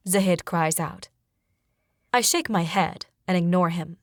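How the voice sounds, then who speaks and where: A woman reading a fantasy novel in the first person as an audiobook narrator, expressive and dramatic, on a close studio mic. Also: fairly low pitch, unhurried, no echo.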